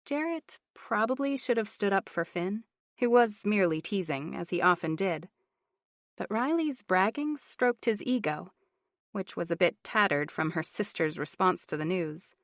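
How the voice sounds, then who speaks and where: A woman reads a scripted romance audiobook in a steady, even storytelling style. Her voice is mid-range at a normal speed, recorded cleanly in a studio with no room sound.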